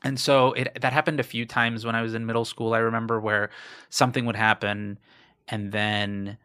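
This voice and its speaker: A man's voice: mid-range voice, flat delivery, moderate pace, pushed and bright, clear, resonant tone. A man guest from South Florida, talking candidly in a rambling, storytelling way on a casual podcast. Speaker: guest, comedian.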